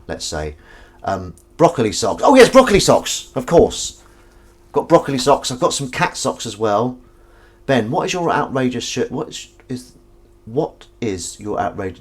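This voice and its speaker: Man, casual livestream host, animated pitch, rambling and self-deprecating, reads chat while doing dishes. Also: husky. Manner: rambling, self-mocking, chatty asides. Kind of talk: casual chat reading viewer comments.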